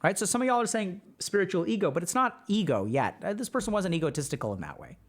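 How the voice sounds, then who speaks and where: Animated, rhetorical man streaming advice. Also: high-pitched, quick pace. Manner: animated, asks rhetorical questions, often says "right?". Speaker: streamer and mental health coach. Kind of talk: livestream advice talk.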